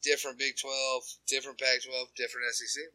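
Very bright-voiced man with a Carolina accent. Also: mid-range voice, monotone, fast, no room sound, poor audio. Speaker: podcast co-host. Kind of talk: casual sports chat.

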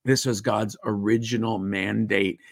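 A man's voice: on the low side, fairly even intonation, unhurried, creaky, dry recording, clean studio sound. A man hosting a faith podcast as a dream coach, speaking earnestly and fervently, often restarting his sentences. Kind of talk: preaching podcast talk.

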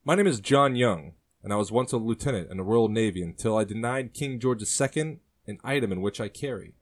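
A man voicing a burly, confident seafaring man in a storybook reading, calm and bold. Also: fairly low pitch, fairly quick, close to an everyday voice.

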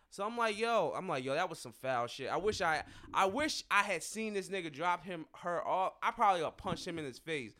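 A young adult man, a podcast co-host, telling a story in casual, animated, profane chat. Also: sits high.

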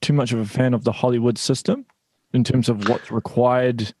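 A man's voice: medium pitch, fairly even intonation, normal speed, mellow, slight background noise. A man hosting a casual interview, asking questions in a friendly, encouraging way. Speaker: podcast host.

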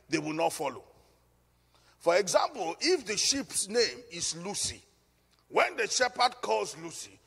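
A man's voice: high-pitched, sing-song, unhurried, vocal fry, fairly bright tone, husky, in a large hall. A male pastor preaching a sermon, emphatic and given to repeating phrases.

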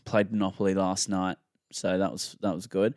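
A man's voice: low voice, normal speed, no room sound. Male podcast co-host, casual storyteller, dry close sound. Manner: rambling storyteller, animated quotes. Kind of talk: casual chat.

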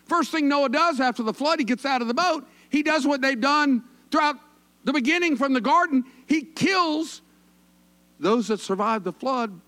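A man's voice: extremely high pitch, moderate pace, pushed and bright. A man preaching a conversational sermon, folksy and joking with the congregation. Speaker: pastor.

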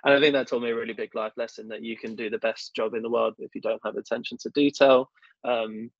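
A man's voice: medium pitch, steady tone, fast, no echo. A young man in a casual interview, telling stories in a chatty, self-deprecating way with lots of fillers. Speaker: podcast guest, government affairs professional. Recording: dull dry lo-fi sound.

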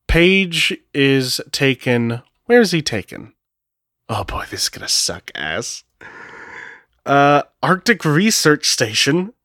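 A man's voice: medium pitch, big pitch swings, slow pace, a bit bright, no room sound, clean studio sound. A man narrating a solo tabletop role-playing game, thinking aloud in a casual way and swearing now and then. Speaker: game master.

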